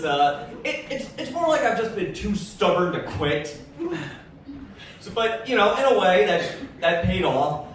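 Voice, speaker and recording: A man performing a stand-up comedy set with a deadpan, offhand delivery. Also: a little high, a little hiss or hum. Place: live comedy venue. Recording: echoey hall from far off.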